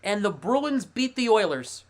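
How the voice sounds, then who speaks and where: Guy running a live hockey scoreboard stream, chatty and excitable, figuring stuff out out loud. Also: sits high, unhurried. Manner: thinking aloud, chatty and excitable. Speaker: livestream host. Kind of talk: casual live sports commentary.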